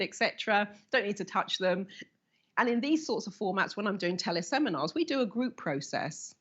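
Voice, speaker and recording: A woman in her fifties teaches a live workshop session and moves quickly into stories, acting out the voices of the people in them. Her voice is mid-pitched and the recording sounds a little dull. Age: 50s. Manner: animated storyteller who acts out quoted voices. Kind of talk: live expo talk with stories.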